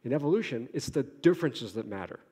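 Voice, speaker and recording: A male lecturer speaks at a mid pitch, lively and joking as he poses rhetorical questions to his audience. His voice rings with the long reverb of a lecture hall. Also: quick pace, slightly rough. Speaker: conference lecturer. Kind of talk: academic conference talk.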